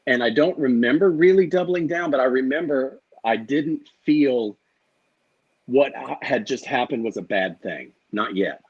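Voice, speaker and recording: Husky-voiced man telling a raw story. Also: mid-range voice, expressive, unhurried, highs cut off. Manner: candid, profane, acts out quoted exchanges. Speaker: guest. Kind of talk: emotional storytelling interview.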